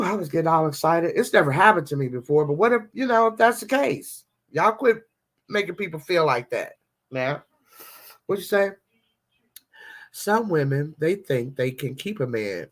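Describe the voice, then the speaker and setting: A woman's voice: fairly low pitch, fairly bright tone. A woman hosting a casual devotional vlog, chatting animatedly and talking straight to her viewers.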